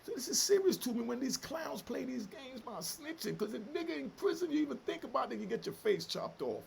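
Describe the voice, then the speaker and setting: A man's voice: very high-pitched, very animated, brisk, creaky, few pauses, husky. A middle-aged man hosting a commentary channel, delivering fiery, emotional, profane street talk in a heated solo rant.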